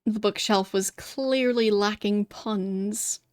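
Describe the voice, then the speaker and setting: A woman streaming a retro role-playing game, reading its text aloud and adding wry, sarcastic asides in a quiet, muttered voice. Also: mid-range voice, slow, no echo.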